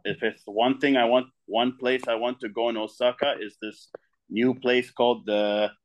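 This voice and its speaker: A man's voice: medium pitch, level tone, normal speed. A man from the UAE answering interview questions eagerly, often restarting his sentences. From United Arab Emirates. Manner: eager, with frequent restarts and repeats. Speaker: guest artist. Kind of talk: casual interview talk.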